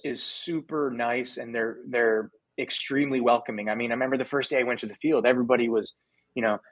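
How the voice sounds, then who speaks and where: A young American man, a former ballplayer, chatting casually as a podcast guest, telling stories in a relaxed way with frequent restarts and slang. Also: mid-range voice, no room sound. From United States. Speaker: podcast guest, former minor league player. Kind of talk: casual interview chat.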